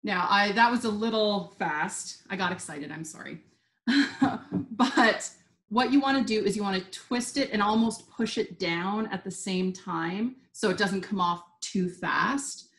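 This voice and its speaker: A woman's voice: medium pitch, measured pace, fairly bright tone. Bubbly woman teaching a wine lesson. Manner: bubbly, chatty and upbeat. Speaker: wine instructor. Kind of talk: live online wine tasting lesson. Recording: roomy echo.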